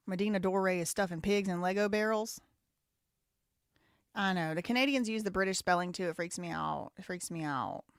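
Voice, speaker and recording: A woman's voice: fairly low pitch, normal speed, smooth, dry recording. Chatty Southern American woman, dry sound. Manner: chatty, opinionated, laughs often. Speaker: live show host. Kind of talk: casual live-stream chat, reading comments.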